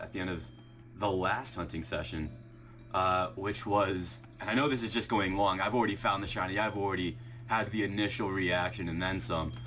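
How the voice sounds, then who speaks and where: Shaking with excitement and heart racing, a young man who makes shiny-hunting videos vlogs his live reaction. He swings from elated yelling and laughter to rapid, hushed explanations, breathless and unsteady, quietly muttering as he counts.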